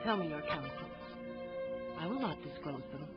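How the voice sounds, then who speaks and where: A woman's voice: low voice, lively intonation, moderate pace. A woman playing a noble Roman wife in a Shakespeare audio drama, delivering verse earnestly and with passion. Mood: pleading. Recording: dull lo-fi audio under music.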